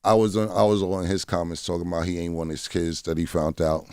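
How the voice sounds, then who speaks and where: A man's voice: sits low, little pitch movement, brisk, a little mellow, clear, resonant tone, no room sound, studio quality. A man telling stories bluntly in a radio interview, swearing freely and often asking "you know what I'm saying.". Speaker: guest. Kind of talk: candid interview storytelling. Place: radio studio. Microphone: studio mic.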